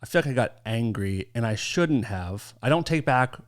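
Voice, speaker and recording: A man's voice: medium pitch, animated, normal speed. A man co-hosting a podcast in casual chat, playful and teasing in manner. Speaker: podcast co-host.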